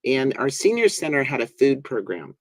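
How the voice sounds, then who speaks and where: A man's voice: mid-range voice, big pitch swings, moderate pace, dry recording. A man hosting a spiritual talk show, telling his own stories in an earnest, conversational way. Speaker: host. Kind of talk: casual conversation.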